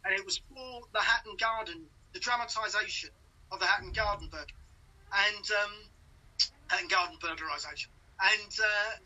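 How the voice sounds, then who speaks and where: Middle-aged cockney comedian, jokey and self-deprecating, tinny phone sound. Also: male voice, high voice, normal speed, pushed and bright. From London. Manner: self-mocking, laughs at his own stories. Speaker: comedian guest. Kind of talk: casual chat.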